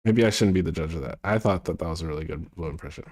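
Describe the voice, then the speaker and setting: Low, mellow-voiced male streamer. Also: racing, no room sound, clean studio sound. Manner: rambling, mumbles to himself, trails off. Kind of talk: casual stream chat.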